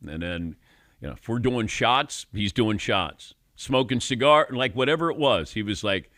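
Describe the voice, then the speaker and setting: A man's voice: expressive, moderate pace, sharp tone, no echo. A male sports radio host telling stories in casual studio chat, acting out quotes. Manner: storytelling, acts out quotes with big pitch jumps. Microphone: studio microphone.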